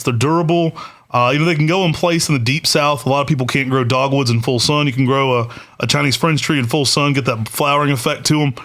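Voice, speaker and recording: A man's voice: on the high side, a bit bright. A man co-hosting a podcast, chatting casually and with enthusiasm, with plenty of "uh" fillers. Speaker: podcast co-host.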